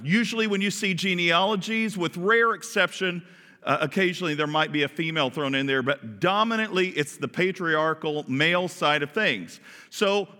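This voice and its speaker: A man preaching a sermon as pastor, animated and often asking his listeners questions. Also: high-pitched, long reverb tail. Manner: animated, asks the congregation questions.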